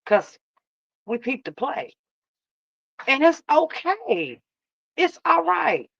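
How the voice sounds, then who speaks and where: A woman hosts a casual live reaction stream in a drawling, sassy way, calling her viewers baby and love. Her voice sits a little high. The sound is dry and close, with a dull, lo-fi edge. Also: sing-song, takes it slowly, vocal fry, fairly bright tone, no room sound. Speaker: reaction channel host.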